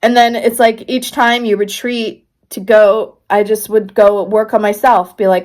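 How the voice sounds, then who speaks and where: A woman's voice: medium pitch, little pitch movement, a little slow, few pauses, a little mellow. A woman artist talking to camera in a vlog, musing earnestly and rambling with many fillers. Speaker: artist and vlogger. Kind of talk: reflective vlog talk to camera.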